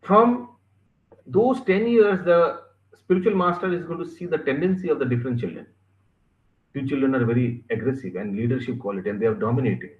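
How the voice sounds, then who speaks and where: Animated Indian English teacher, tinny echo. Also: male voice, medium pitch, brisk. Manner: animated, stresses words, acts out examples, mixes in Hindi. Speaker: class teacher. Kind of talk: classroom scripture lesson.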